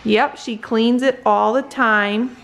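A woman family vlogger chatting casually at home, explaining things in a relaxed way by a kids' play kitchen. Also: a little high, slow pace, creaky. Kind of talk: casual home vlog chat.

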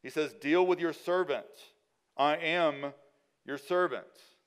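A man preaching a sermon as a pastor in a church, rising to loud, emphatic peaks and dropping to quiet, low endings. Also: takes it slowly, smooth.

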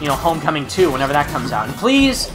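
Fairly high-pitched with big pitch swings and a quick pace, this young gaming-channel host rambles casually over background music. His talk is full of fillers and restarts, and he's hiccuping.

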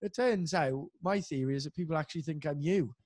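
A man's voice: a little high, fairly quick, heavy background noise. Swearing, self-mocking young Welsh man. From Wales. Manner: swearing, self-deprecating storyteller. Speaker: guest impressionist. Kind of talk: casual podcast chat.

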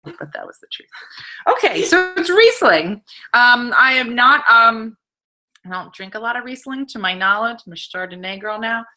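Middle-aged female host, casual and laughing, bright and animated delivery. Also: a little high, normal speed. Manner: chatty, laughing, reading viewer comments aloud. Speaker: host of a live wine-tasting show. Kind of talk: casual livestream chat.

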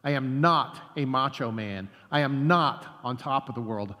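A man preaching a sermon as a pastor, earnest, slowing down and dropping soft on key phrases. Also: medium pitch. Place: church sanctuary. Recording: long church reverb.

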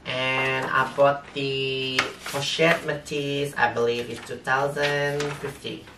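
A man with a non-native English accent, talking through an unboxing haul as a vlogger in halting, hesitant English full of fillers. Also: mid-range voice, flat delivery. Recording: roomy echo, distant mic, faint noise.

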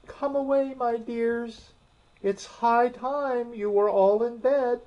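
Man voicing mother canary, trembling, very high pitch, storybook. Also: steady tone, takes it slowly, a little mellow. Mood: anxious. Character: timid, fussing mother canary. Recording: muffled, dull audio.

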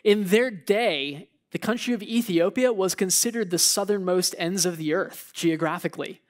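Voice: medium pitch, moderate pace. A preacher delivering a sermon in a church. The delivery is conversational and storytelling, full of asides. The preacher acts out what the Bible characters might be thinking. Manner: storytelling, acts out biblical figures' thoughts.

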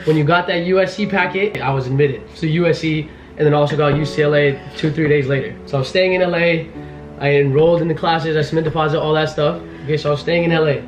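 A young man in his twenties talking fast as a vlogger, frantic and pleading with nervous laughs. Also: fairly high pitch, steady tone, echoey room, muffled recording, faint music behind. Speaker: vlogger, law student. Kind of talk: casual vlog talk.

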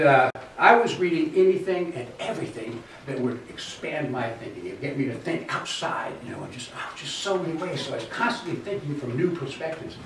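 A man's voice: on the high side, heavy reverb, recorded from a distance, a little hiss or hum. A middle-aged man performing a one-man storytelling show on stage, easygoing, folksy and conversational. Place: theater stage.

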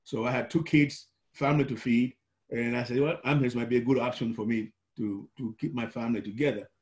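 A man's voice: medium pitch, brisk. Older man telling his story. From Malawi. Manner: animated, acts out quoted dialogue. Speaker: former coach, interviewee. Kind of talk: oral history storytelling.

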